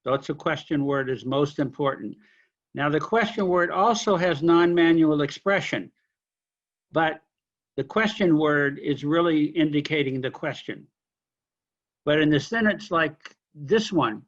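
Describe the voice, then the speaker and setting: A man lecturing a linguistics class, explaining question forms slowly with examples and apologizing for being unclear. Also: a little high, muffled recording. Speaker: linguistics instructor.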